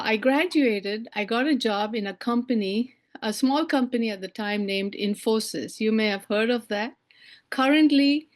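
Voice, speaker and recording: A middle-aged woman from India giving a personal storytelling speech, animated and acting out the voices of the people she quotes. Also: fairly high pitch. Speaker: keynote speaker.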